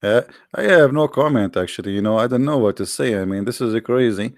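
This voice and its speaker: A man's voice: mid-range voice, dry recording, studio quality. Sarcastic man in mocking commentary. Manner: mocking, repetitive, halting non-native English. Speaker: religious debate host.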